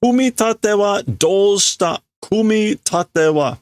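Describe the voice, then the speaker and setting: A man reading out an angry rough-spoken man who shouts insults and orders at a leader. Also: sits high, lively intonation, slow, dry recording, pitched above the performer's own voice. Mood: angry barking. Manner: barking, insulting commands.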